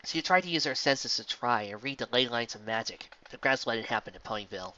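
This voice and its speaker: A man narrating fan fiction in a steady, earnest storybook reading. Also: medium pitch, fast, highs cut off.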